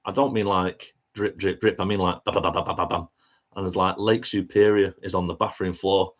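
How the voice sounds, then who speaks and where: A man's voice: low voice, flat delivery, fairly quick. A man, a touring musician telling a story in a chatty, self-mocking way and laughing as he goes. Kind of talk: casual storytelling anecdote.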